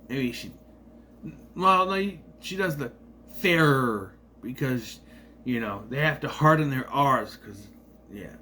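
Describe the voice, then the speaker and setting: Man, casual movie review, rambling, sarcastic, animated pitch, faint noise behind. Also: takes it slowly. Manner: rambling, conversational, sarcastic asides.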